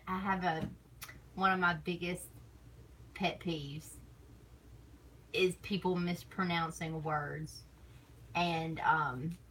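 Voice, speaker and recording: A woman's voice: lowish voice, pushed and bright, breathy edge, low-quality recording. A woman streamer chatting casually on stream, rambling and teasing, laughing often between thoughts. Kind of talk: casual chat.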